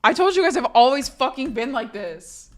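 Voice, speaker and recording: A young woman streaming, chatting casually with her viewers while sick, her voice going hoarse; blunt, swearing freely, often restarting sentences. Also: sits high, lively intonation, moderate pace. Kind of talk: casual chat reading a live chat.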